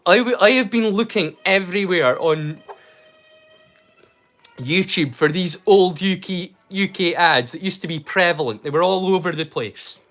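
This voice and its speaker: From his home in rural Scotland, a Scottish livestream host chats casually and rambles, full of restarts and slang. His voice is high, unhurried, and a bit bright.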